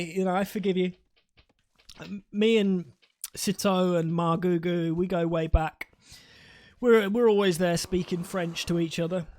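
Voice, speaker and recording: A man's voice: sits high, a little mellow. A British man doing live esports commentary, rambling and joking, often restarting his sentences. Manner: rambling, jokey, self-interrupting. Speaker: esports caster.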